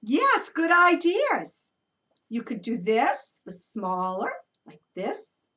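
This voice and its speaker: A woman who is an early childhood educator, leading a children's story time with movement in an animated, encouraging way for toddlers. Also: fairly high pitch, takes it slowly, distant mic.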